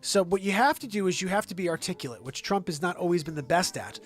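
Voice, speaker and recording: A man's voice: high voice, animated, quick pace. A man hosting his own online show, ranting about politics in a heated, profane and sarcastic way.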